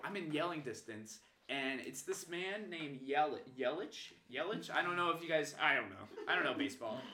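Lively high-voiced man telling stories. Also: moderate pace. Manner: animated storytelling, laughing, loud acted-out quotes. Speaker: podcast guest telling stories. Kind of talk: casual podcast chat. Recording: echoey room.

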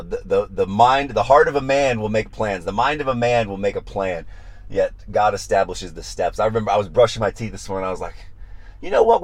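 On a Bible study podcast, a man with a voice on the low side preaches in an animated, emphatic way. He repeats phrases for emphasis and acts out prayers along with their answers.

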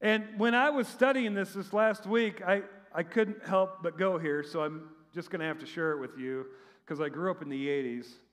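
A middle-aged man preaching a conversational sermon, animated and chatty, with sarcastic asides and frequent restarts. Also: high voice, moderate pace. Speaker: pastor. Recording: long reverb of a large hall.

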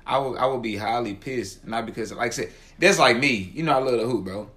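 A man in quick, animated banter with a co-host on a livestream. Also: medium pitch. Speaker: podcast co-host. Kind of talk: casual chat on a livestream.

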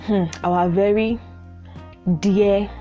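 A woman's voice: mid-range voice, fairly even intonation, extremely slow, warm tone, lo-fi sound, faint music behind. Chatty Nigerian woman podcast host. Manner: chatty and apologetic, frequent "like" fillers and laughs. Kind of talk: casual solo podcast chat.

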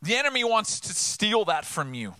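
A man from Southern California preaching an energetic, conversational sermon full of rhetorical questions. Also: high-pitched, moderate pace, no echo. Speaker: pastor.

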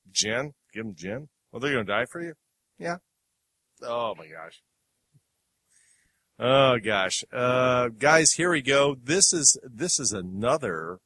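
Man, podcast host, casual rambling chat, bright voice, dry sound. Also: mid-range voice, no room sound. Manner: rambling, chuckling, many fillers. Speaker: podcast host playing film clips.

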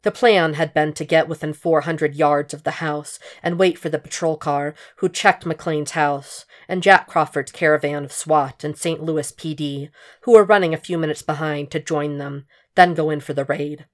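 A woman narrating a fan fiction story in a steady, intense audiobook reading. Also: low-pitched, normal speed.

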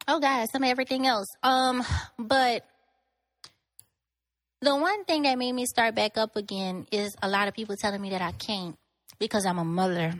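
A woman's voice: a little high, fairly even intonation, moderate pace, fairly bright tone, no echo. A woman in her thirties from Lafayette, chatting candidly as a guest model and laughing often. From Lafayette, Louisiana. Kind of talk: casual podcast chat.

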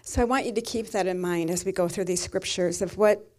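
A woman's voice: lowish voice, a little fast, a little mellow. A middle-aged woman pastor giving a sermon, telling a personal story in a tender, emotional way.

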